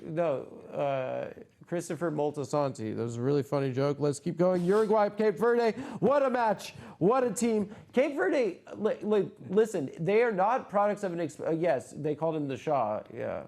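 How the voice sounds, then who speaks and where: A man hosts a casual comedy podcast, his voice sitting a little high but soft and mellow in tone. He riffs in excitable, rambling bursts, cursing freely as he goes. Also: moderate pace, gravelly. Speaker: host.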